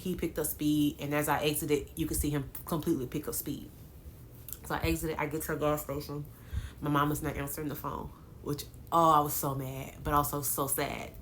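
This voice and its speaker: A woman's voice: sits low, a little hiss or hum. A woman vlogger, casually telling her viewers a dramatic story, with lots of laughs. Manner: animated, dramatic retelling with laughs.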